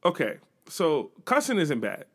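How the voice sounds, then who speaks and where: A young man from Buffalo, co-hosting a podcast in casual chat, an animated storyteller who acts out quotes and swears freely. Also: a little high, measured pace. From Buffalo, New York. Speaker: podcast co-host.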